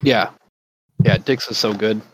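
A man's voice: on the low side, unhurried, rough recording. Laid-back swearing podcast guy. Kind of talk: casual chat.

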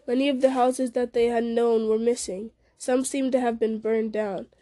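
A woman reads a fantasy novel aloud in a steady voice, now and then slipping and restarting a word. Her voice sits somewhat high and mellow, and the recording is close and dry. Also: normal speed, dry recording. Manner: steady, with small slips and restarts. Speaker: story reader.

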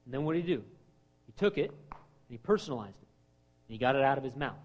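A man preaching a sermon in a conversational way, acting out quoted voices and swinging between loud lines and hushed ones. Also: mid-range voice, animated, fast talker, dull audio. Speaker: pastor.

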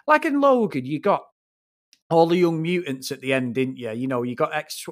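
A man co-hosting a casual film review chat. His voice sits fairly high for a man. He rants bluntly, with plenty of swearing. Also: moderate pace. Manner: blunt, sweary, animated ranting. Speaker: film review podcast co-host.

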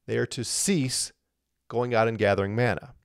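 Man with a lingering cough, teaching scripture and posing rhetorical questions; medium pitch, dry room. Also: steady tone, moderate pace, vocal fry, dry recording. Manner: explains step by step, asks rhetorical questions. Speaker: Bible teacher. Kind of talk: verse-by-verse Bible teaching.

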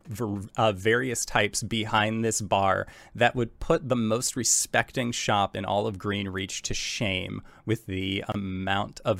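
A man narrating a tabletop game as game master, describing scenes in a relaxed way full of fillers. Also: medium pitch, no echo.

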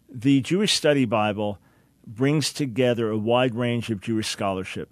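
A man's voice: mid-range voice, no echo. Earnest man hosting call-in radio. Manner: earnest, emphatic, repeats words when starting sentences. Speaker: radio talk show host.

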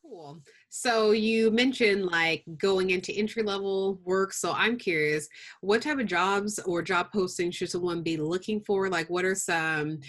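A woman's voice: mid-range voice, a little slow, a bit bright. A woman hosting an interview, asking curious questions and giving brief affirmations. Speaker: interviewer host. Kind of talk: casual interview.

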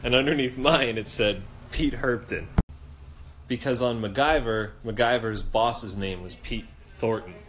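A man hosting a podcast, telling an animated, funny story, laughing and swearing freely as he goes. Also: medium pitch, moderate pace, few pauses, slight background noise. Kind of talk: casual storytelling chat.

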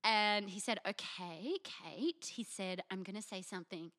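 A woman's voice: medium pitch, moderate pace, few pauses, fairly bright tone. A young Australian woman telling a frank, self-mocking story as a podcast co-host. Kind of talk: candid storytelling chat.

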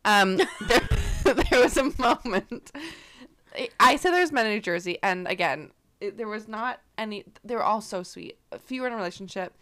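A woman's voice: medium pitch, animated, moderate pace, sharp tone, soft background music. A young woman from Canada, co-hosting a casual podcast chat, rambling and laughing through her own stories. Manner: giggly, rambling storyteller, laughs through words. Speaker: podcast co-host.

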